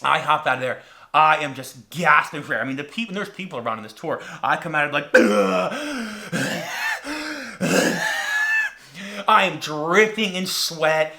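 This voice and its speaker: A young man hosting a podcast with a bright, forceful voice. He tells the story casually, with a lively pitch that swoops up and down as he acts out each moment with dramatic energy. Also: fairly quick. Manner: animated, dramatic reenactments. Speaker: podcast host.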